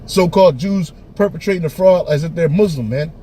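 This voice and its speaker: A man teaching and preaching in a forceful, emphatic way, often tagging his lines with "man" and restarting phrases. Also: a little high, a little fast, slight background noise. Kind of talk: preaching street-style commentary.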